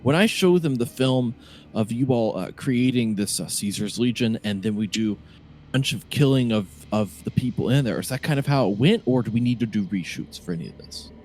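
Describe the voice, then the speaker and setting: A man's voice: mid-range voice, expressive, a little mellow, slight background noise, voice pushed up, lightly acted. A man voicing an eager male amateur filmmaker who keeps asking whether his staged scene worked. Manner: earnest, questioning, talks quickly.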